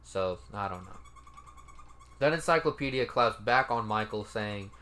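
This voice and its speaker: A man's voice: on the low side, expressive, measured pace, pushed and bright. A man giving casual, laid-back commentary as he reads out comments, cursing now and then and sounding mildly incredulous. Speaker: commentary YouTuber.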